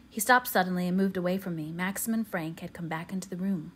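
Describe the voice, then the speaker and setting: A woman narrating an audiobook in a measured, quiet, steady way. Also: on the low side, husky. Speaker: audiobook reader.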